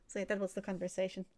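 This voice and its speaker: A young woman chatting casually on a livestream while she draws. She rambles, laughs often and swears freely. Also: mid-range voice. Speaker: streamer.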